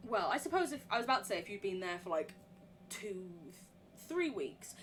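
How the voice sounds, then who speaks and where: A woman's voice: medium pitch, a little hiss or hum. A young woman with an English accent, streaming a game live, reading notes aloud and chatting in a rambling way, swearing casually and laughing often.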